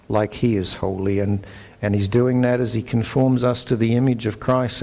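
A man's voice: mid-range voice, a little mellow. A man with a New Zealand accent preaching a sermon, earnest and emphatic as he reads scripture aloud. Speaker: pastor.

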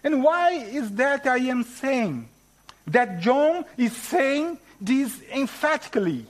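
Man preaching, Portuguese accent, very high voice, unhurried, emphatic stresses. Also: big pitch swings, low-quality recording. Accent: Brazilian Portuguese. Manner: slow, emphatic teaching with rising stresses. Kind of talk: sermon.

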